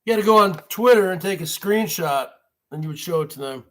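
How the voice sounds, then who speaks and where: A man's voice: high voice, lively intonation, fairly quick. A man in his forties hosting his own show, ranting sarcastically in a casual, repetitive way. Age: 40s. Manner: sarcastic, emphatic, repeats himself. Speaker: show host. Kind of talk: casual livestream rant.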